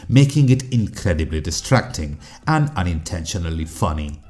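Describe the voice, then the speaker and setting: A man whose first language is Spanish, narrating a video essay with dry, critical, measured delivery. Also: deep voice, darkish tone. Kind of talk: scripted narration.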